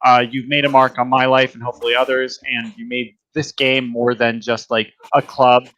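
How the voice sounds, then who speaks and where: A man's voice: medium pitch, flat delivery, normal speed, a bit bright, dry recording. A young man hosting a podcast, chatting casually and joking around in a playful way. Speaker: podcast host. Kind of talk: casual chat. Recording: dull lo-fi dry sound.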